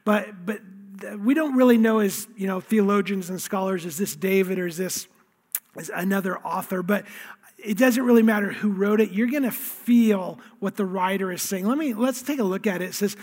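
A man's voice: sits high, darkish tone. A man preaching a sermon as pastor, earnest, often repeating words as he starts a thought. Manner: earnest, reads scripture slowly with feeling, repeats words. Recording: long hall reverb.

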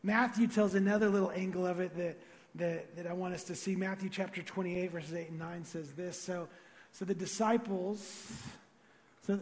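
A man delivers a sermon in a loose, conversational manner, animated one moment and soft and intimate the next. His voice sits high for a man, and it carries a long reverb from a large hall. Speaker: pastor.

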